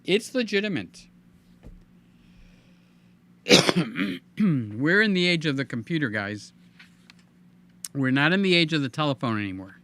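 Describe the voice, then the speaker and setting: Hoarse older man chatting on a livestream. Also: fairly high pitch, sing-song, measured pace, pauses often, bright, forceful tone. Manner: chatty, reads viewer comments aloud, hums filler sounds. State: hoarse, voice giving out. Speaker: livestream host. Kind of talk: casual live-stream chat.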